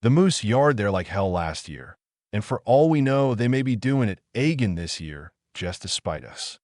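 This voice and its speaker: A man's voice: lowish voice, sing-song, normal speed, darkish tone, no echo, studio quality. A man voicing a brash, bossy backwoods hunting guide with a nasal, folksy drawl, for an audiobook.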